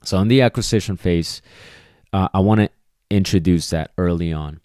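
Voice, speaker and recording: A man with a deep, low voice hosts a casual solo podcast as a dog trainer. He talks emphatically and conversationally, often checking in with "okay" and "right". The recording is dry and close to the mic. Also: normal speed, dark tone, no echo. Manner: acts out quoted voices of people and dogs.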